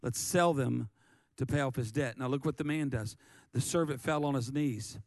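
A man preaching a sermon, animated and lively, often stammering and repeating words as he acts out the story. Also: medium pitch, moderate pace, dry recording. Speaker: pastor.

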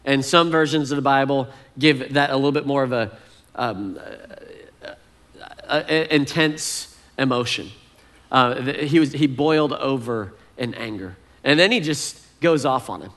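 A man's voice: medium pitch, a little slow. Casual conversational male preacher. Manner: conversational, relaxed, fillers like "kind of". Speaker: pastor. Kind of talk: sermon.

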